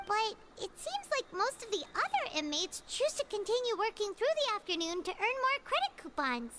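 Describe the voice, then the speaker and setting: A woman's voice: very high-pitched, sing-song, moderate pace. A woman voicing a tiny, chirpy floating female fairy-like companion in a video game who talks about herself in the third person. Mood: sleepy. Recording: noisy game audio.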